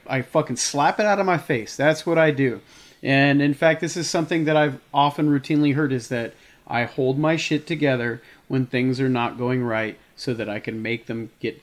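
A man in his thirties telling a heated story in casual chat, swearing often. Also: mid-range voice.

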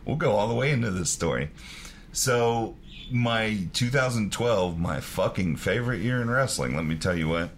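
A man's voice: fairly low pitch, moderate pace, a little hiss or hum. A man, a wrestling promoter telling a story in a casual chat, swearing often and laughing as he talks. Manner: profane, laughing, animated storyteller. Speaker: wrestling promoter, podcast co-host.

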